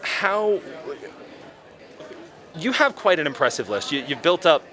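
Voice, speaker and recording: A man's voice: a little high, very animated, measured pace, sharp tone, a faint crowd. Hesitant young-sounding interviewer man. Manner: hesitant, many fillers and restarts, laughs nervously. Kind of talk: casual convention interview.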